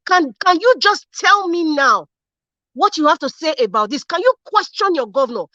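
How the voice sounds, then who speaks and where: A young Nigerian woman rants about politics on her own vlog, angry and fiery, hammering one rhetorical question after another. Her voice sits high and sounds bright and sharp. The recording is dry and a little dull, like a lo-fi mic. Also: sing-song, normal speed, dry recording. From Edo State, Nigeria. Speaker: political commentary host. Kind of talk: impassioned political rant.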